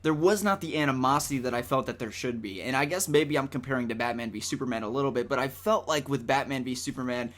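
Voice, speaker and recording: A man who is a guest in a casual movie debate. He is excitable and argumentative, with stumbling restarts. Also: mid-range voice, fast talker, hardly any pauses.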